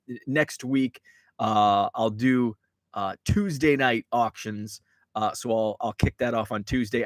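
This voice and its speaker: Casual male stream host, mid-pitched, rambling and filler-heavy, dry close sound. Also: dry recording. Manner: rambling, chatty, many fillers and restarts. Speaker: podcast host reading live chat. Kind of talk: casual live-stream chat.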